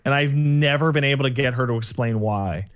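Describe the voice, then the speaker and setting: A man's voice: medium pitch, fairly quick, muffled recording. A Canadian man co-hosting a casual podcast with wry, profane banter. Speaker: podcast co-host. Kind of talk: casual chat.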